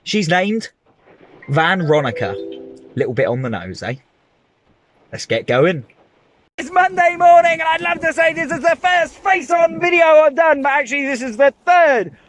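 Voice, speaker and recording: A man from Scotland with a Glasgow accent, a professional dog walker chatting excitedly to camera outdoors while calling commands to the dogs. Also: extremely high pitch, moderate pace, pauses often. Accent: Scottish, Glasgow. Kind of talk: casual vlog narration while walking dogs. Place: outdoors in parks and forest.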